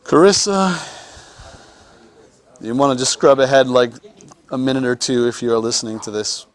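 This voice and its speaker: A man's voice: medium pitch, lively intonation, normal speed. A man teaching anatomy in a classroom lecture, joking with students and often repeating words as he restarts.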